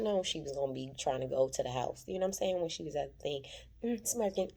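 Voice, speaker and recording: Recording from her workplace, a TV recap vlogger chattily and dramatically retells an episode, calling listeners "child". Her voice sits low and is gravelly yet mellow, and she speaks fast.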